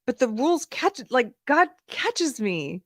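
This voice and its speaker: A woman's voice: high-pitched, a little slow, no room sound, studio quality. Candid woman host telling a story. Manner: candid, animated storytelling with laughs and filler words. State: emotional, near tears. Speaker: podcast host. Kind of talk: live-streamed commentary, personal anecdote.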